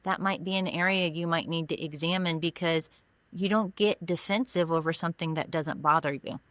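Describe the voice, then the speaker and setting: A woman's voice: fairly low pitch, moderate pace, fairly bright tone, no room sound. A woman counselor being interviewed on a podcast, explaining earnestly with examples from her own life. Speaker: mental health counselor.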